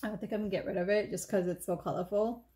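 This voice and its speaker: This woman talks rapid-fire in a warm, mid-range voice with fairly even intonation as she casually displays her makeup. A rambling beauty vlogger, she keeps correcting herself mid-sentence.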